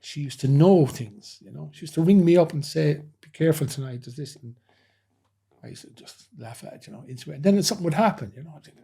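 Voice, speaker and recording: Husky man telling stories. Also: a little high, animated, fast talker, dark tone. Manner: rambling anecdotal telling, frequent "you know". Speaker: former nightclub head doorman, guest. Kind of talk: casual interview storytelling.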